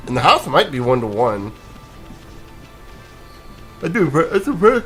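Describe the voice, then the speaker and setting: A man's voice: a little high, sing-song, normal speed, fairly bright tone, soft background music. A man giving casual, rambling commentary while playing a video game, sleepy and yawning, chuckling and restarting his sentences. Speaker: let's play gamer.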